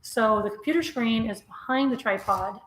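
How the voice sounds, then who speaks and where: A woman co-hosting a casual live stream from home on a webcam, excitedly reading out viewer messages. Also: fairly high pitch, normal speed. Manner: gushing, excitable. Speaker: vlog co-host reading live chat. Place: home room. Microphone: webcam on tripod. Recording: echoey room, faint noise.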